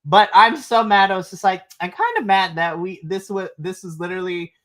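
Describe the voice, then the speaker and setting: A woman's voice: medium pitch, animated, normal speed, a bit bright. A woman co-hosting a wrestling podcast, chatting casually, laughing often and acting out wrestlers' lines. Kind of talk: casual review chat. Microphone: streaming mic.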